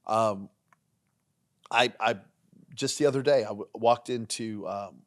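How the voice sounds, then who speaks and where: A man, a pastor hosting a leadership podcast, teaching in a sermon style, driving points home with repetition and dropping into quieter asides. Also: on the low side, a little slow. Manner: emphatic and repetitive, swinging between punchy lines and quiet asides.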